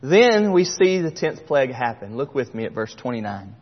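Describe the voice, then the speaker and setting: A middle-aged man preaching a sermon, passionate, swinging between loud and hushed near-whispers. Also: medium pitch, big pitch swings, moderate pace. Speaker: pastor. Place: church sanctuary. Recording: dull sound with long hall reverb.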